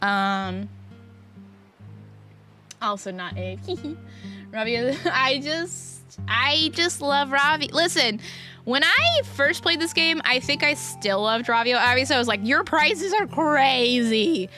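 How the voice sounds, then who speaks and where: A woman's voice: high-pitched, expressive, slow, bright, forceful tone, faint music behind. A woman streamer chatting casually to her chat while she plays, rambling and restarting her sentences.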